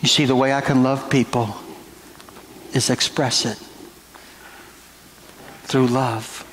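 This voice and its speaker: Slow, earnest male pastor preaching. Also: mid-range voice, little pitch movement, fairly bright tone, slight background noise, poor audio. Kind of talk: sermon. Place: church sanctuary.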